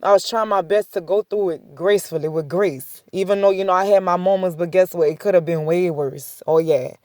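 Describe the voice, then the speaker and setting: A woman's voice: lowish voice, a little fast, darkish tone, no echo, clean studio sound. Woman giving a chatty faith testimony. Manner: repetitive, conversational storytelling with many "I said" asides; chuckles between points. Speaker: faith vlogger. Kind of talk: casual spoken testimony.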